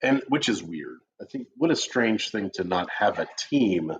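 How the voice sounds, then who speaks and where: A man's voice: fairly low pitch, lively intonation, normal speed, slight background noise. A middle-aged man co-hosting a casual coffee chat, joking around and telling stories with lots of animation. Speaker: co-host of a real estate chat show. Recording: dull lo-fi stream audio.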